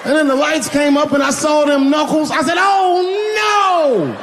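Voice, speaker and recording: A middle-aged man performing a stand-up comedy set on stage, animated, jumping into loud high shouts and low put-on voices. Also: a little fast, big-room sound, a faint crowd, a little hiss or hum. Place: stage before a live audience.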